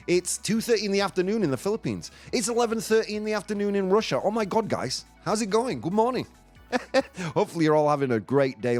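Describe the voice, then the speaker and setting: Playful male host with lively pitch. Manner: playful, joking, drops in Spanish phrases. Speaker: radio show host. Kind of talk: casual live morning show chat.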